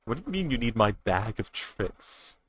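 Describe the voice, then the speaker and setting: A man's voice: on the low side, very animated, normal speed, a bit bright. A man chatting casually as a tabletop game player, rambling and joking and often correcting himself. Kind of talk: casual chat between players.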